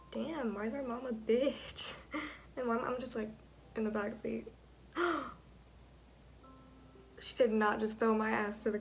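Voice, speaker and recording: A woman in her twenties commenting on a game as she plays, excitable, gasping and swearing often. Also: fairly high pitch. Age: 20s. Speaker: gamer. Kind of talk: let's play commentary. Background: game music.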